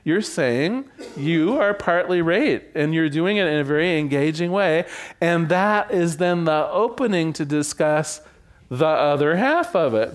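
Gentle, lively-pitched male teacher. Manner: gentle and earnest, acts out sample phrases softly; chuckles often, asks the group for agreement. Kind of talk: teaching a class on relationships.

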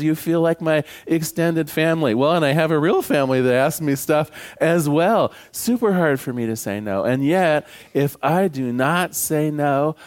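A man's voice: on the high side, a little mellow. A man preaching a sermon as pastor, conversational and humorous, telling jokes to his congregation.

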